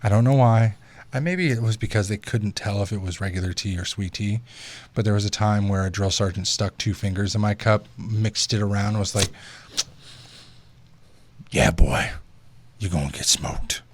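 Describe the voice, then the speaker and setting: A man's voice: fairly low pitch, steady tone, fairly quick, a little mellow, a little hiss or hum. Profane young man hosting a chat podcast. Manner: loose and profane, storytelling. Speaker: podcast host.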